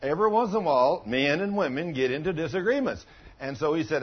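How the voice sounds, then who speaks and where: A man's voice: on the high side, expressive, fast talker, slightly rough, muffled recording. A man preaching a sermon as pastor, telling folksy stories and putting questions to the congregation.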